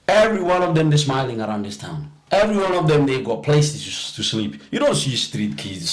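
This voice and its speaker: Brief: man, lively storyteller, laughs easily, stumbles into sentences, room echo. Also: fairly low pitch. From South Africa. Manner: animated, laughs often, repeats words when starting. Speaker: podcast guest. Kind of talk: casual storytelling chat. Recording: roomy echo.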